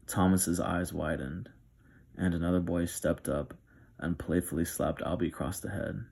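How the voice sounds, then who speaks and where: A man reading a novel aloud in a soft, steady ASMR style. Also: deep voice, moderate pace, creaky, slightly rough. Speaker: narrator.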